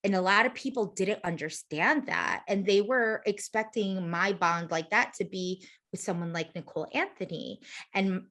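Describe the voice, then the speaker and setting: A young adult woman, a guest in a casual interview, telling lively stories, acting out other people's voices and swearing now and then. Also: medium pitch, moderate pace. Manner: animated storyteller, acts out quoted voices, uses swear words. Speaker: interview guest, former reality show contestant.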